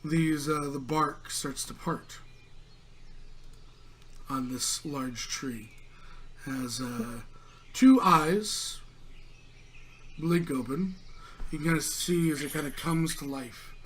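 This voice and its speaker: A man's voice: on the high side, slow pace, long pauses, fairly bright tone, a little hiss or hum. A man narrating a tabletop game as game master, in a loose, rambling way with many fillers.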